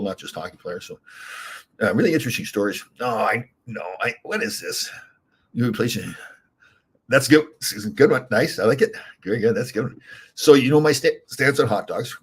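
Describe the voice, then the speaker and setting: Husky-voiced older man rambling fast. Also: lowish voice. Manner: rambling, many fillers and restarts. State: hiccups. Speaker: podcast host, former hockey player. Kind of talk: casual solo talk.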